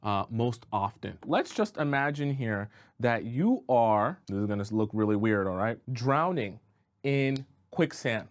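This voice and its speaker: Here the dating coach speaks a little slowly at a medium pitch, his intonation lively. He gives relationship advice to camera in a casual monologue, acting out scenarios and asking "right?" and "okay?" along the way.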